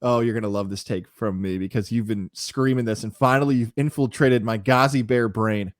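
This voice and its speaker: A man's voice: on the low side, steady tone, a little fast, dry recording, clean studio sound. A man co-hosting a sports podcast, talking through team predictions with opinions and the odd mock quote. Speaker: podcast co-host. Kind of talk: casual sports chat and analysis.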